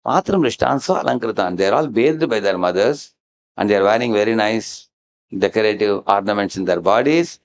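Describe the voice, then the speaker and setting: A man's voice: on the low side, moderate pace, a little hiss or hum. A man giving a devotional lecture, acting out characters' lines and often asking the audience "huh?". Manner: animated storyteller, acting out dialogue and chanting verses; frequent questioning "huh?" to the audience. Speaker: devotional speaker.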